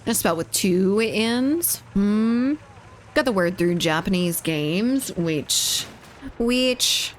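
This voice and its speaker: A woman's voice: mid-range voice, animated, slow pace, slight background noise. A woman live-streaming a shooter game, chatting playfully with her chat, reading messages aloud and teasing viewers. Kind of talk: casual live-stream chat while gaming.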